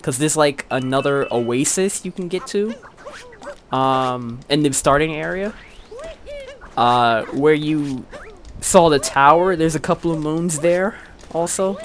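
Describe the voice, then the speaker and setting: A man's voice: fairly high pitch, slow, a bit bright. A man guesting on a casual let's-play, chatting and offering helpful game tips. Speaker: guest co-commentator.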